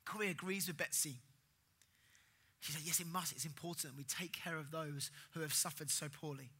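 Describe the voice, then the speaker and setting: A man preaching a sermon earnestly, rising in emphasis and then dropping soft. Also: fairly high pitch, a little fast.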